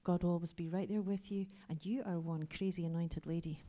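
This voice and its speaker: A woman in her forties, a pastor giving a lively sermon full of personal stories, who drops to a hushed whisper for her asides. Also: on the low side, brisk, heavy background noise.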